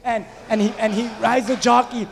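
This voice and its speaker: A man with a strikingly high voice delivers a casual, story-driven sermon. He turns to the congregation with questions as he goes. His voice carries a long reverb, as in a large sanctuary. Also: flat delivery, normal speed, gravelly, slight background noise. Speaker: pastor. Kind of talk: conversational sermon.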